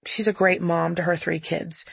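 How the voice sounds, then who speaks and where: A woman's voice: fairly low pitch, steady tone, moderate pace, creaky, slightly rough, dry recording. A woman narrating her own audiobook memoir in a candid, wry storytelling manner, close to the mic.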